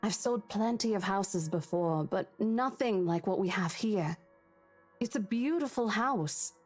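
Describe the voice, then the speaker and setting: A gentle young realtor in a game. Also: female voice, medium pitch, animated, a little slow, soft background music. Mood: reassuring. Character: caring young woman realtor, gently reassuring. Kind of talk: voiced video game dialogue.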